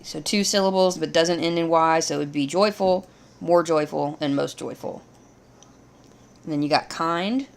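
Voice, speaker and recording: Woman, low gravelly voice, patient grammar teacher walking through examples. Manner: steady, explains step by step. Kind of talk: grammar lesson.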